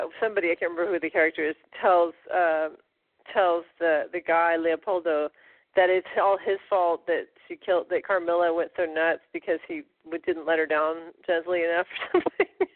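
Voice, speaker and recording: High-voiced chatty man, phone-like. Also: fairly even intonation, moderate pace. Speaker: podcast cohost. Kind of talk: casual film review chat. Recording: phone-like podcast line.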